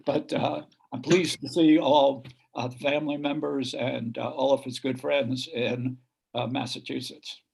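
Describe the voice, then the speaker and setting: A man remembering his cousin at a memorial gathering, speaking haltingly with many pauses and fillers. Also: mid-range voice, level tone, vocal fry, a little mellow, breathy edge. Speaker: relative giving a eulogy. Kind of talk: memorial speech.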